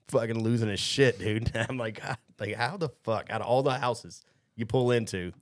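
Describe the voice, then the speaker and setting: A man's voice: mid-range voice, normal speed. A man hosting a podcast, telling a long, rambling, profane story in casual chat. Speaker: podcast host.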